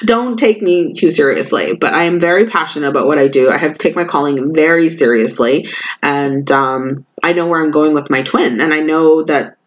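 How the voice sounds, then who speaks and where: A woman giving a spiritual card reading in a vlog, talking loudly and passionately with big swoops in pitch. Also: moderate pace. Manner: loud, passionate, swooping and animated. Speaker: spiritual reader and shaman. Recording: muffled lo-fi audio.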